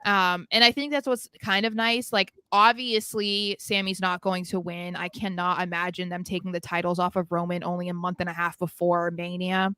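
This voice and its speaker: Bright, clear-voiced woman chatting wrestling. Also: lowish voice, little pitch movement, normal speed, hardly any pauses, no room sound. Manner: chatty, opinionated, many fillers. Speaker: podcast co-host. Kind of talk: casual wrestling chat.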